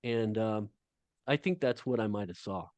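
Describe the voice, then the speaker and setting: A middle-aged man, a guest author, talking casually on a video call, halting often with fillers. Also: on the low side, darkish tone, dry recording. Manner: halting storytelling with many fillers.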